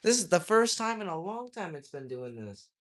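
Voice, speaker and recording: A young man chatting casually on his livestream while he draws, reading viewers' comments aloud and joking around, his voice swinging from loud to mumbled. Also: high-pitched, big pitch swings, moderate pace. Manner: reads chat aloud, jokey, drifts loud to mumbling. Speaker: livestreaming artist.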